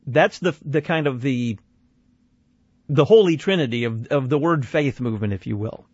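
A man's voice: mid-range voice, moderate pace, a little mellow, slightly rough, no echo, lo-fi sound. A man hosting a call-in radio show, giving critical commentary on a played clip in a conversational way with restarts and repeated phrases.

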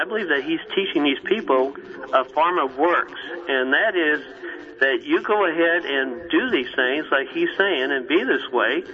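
A man calling in to a radio show, speaking hesitantly with many fillers. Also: a little high. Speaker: radio caller. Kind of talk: casual call-in comment. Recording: dull phone-in line.

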